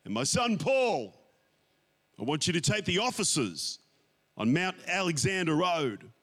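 A man voicing a frail dying old man who slowly dictates his will in a joke told from the pulpit. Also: high voice, sing-song, fairly bright tone, long reverb tail, pitched below the performer's own voice, heavily acted.

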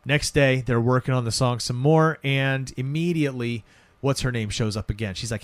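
A man talks through a film's plot in loose, profane chat, his voice at an ordinary middle pitch. He jumps into the characters' lines as he goes. The recording is dry, with no room sound. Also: normal speed, dry recording. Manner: animated retelling, acting out characters' lines. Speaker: podcast co-host recapping a film.

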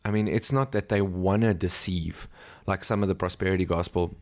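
A man's voice: low-pitched, fairly even intonation, a little fast. A man from South Africa, a missionary pastor, telling ministry stories in an interview, with many ums and acted-out quotes. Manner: storytelling, acts out quoted voices, many ums. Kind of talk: conversational interview.

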